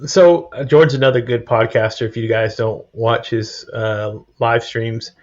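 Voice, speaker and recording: A man hosting a casual podcast interview, rambling and halting as he asks questions. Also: medium pitch, fairly even intonation, darkish tone. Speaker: podcast host. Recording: dull lo-fi stream audio.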